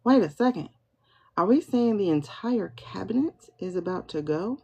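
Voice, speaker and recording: A woman hosting a livestream pendulum reading, excitable, repeating herself as she questions her spirit guide and talks to viewers. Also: mid-range voice, moderate pace, gravelly, husky. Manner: excitable, keeps repeating "hold on" while asking questions. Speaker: tarot reader host. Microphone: phone or computer mic for livestream. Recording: dull lo-fi livestream audio.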